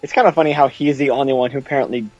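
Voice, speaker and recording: A man co-commentating on a video game, cracking quick jokes about what happens on screen. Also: mid-range voice, steady tone, a little mellow, no room sound, faint music behind. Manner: wisecracking, reacts with quick jokes. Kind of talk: casual gameplay commentary. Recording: dull, dry lo-fi mic.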